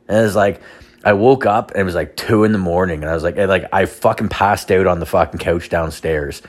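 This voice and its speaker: A man's voice: low voice, a little fast. A man in his thirties hosting a solo podcast, telling rambling, self-deprecating stories packed with swearing. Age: 30s. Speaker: podcast host. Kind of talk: casual solo podcast storytelling.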